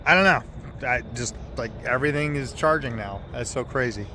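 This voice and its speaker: A man's voice: medium pitch, moderate pace, noisy background. Easygoing middle-aged man vlogging outdoors. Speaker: family vlogger, father. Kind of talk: casual vlog narration.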